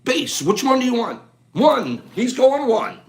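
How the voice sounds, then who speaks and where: A man hosting a casual live chat, calling out items rapidly in a playful, animated way and joking with viewers indoors. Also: very high voice, vocal fry. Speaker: livestream host.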